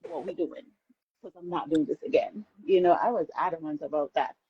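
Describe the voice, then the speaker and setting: Husky-voiced woman telling a personal story. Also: low-pitched, a little fast, dry recording, highs cut off. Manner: animated storyteller who acts out her own past words. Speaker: guest sharing a personal story. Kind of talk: candid faith-based conversation.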